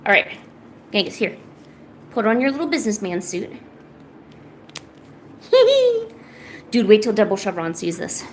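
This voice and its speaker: A woman's voice: medium pitch, expressive, brisk, a little hiss or hum. A woman streamer chatting casually at home, cooing to her pets in baby talk. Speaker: art streamer. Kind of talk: casual chat to pets and viewers.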